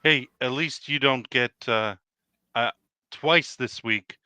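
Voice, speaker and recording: Male co-host, bright tense voice, dry close sound, hesitant storyteller. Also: medium pitch, slow pace, smooth, dry recording. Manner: hesitant, filler-heavy storytelling. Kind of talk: casual chat.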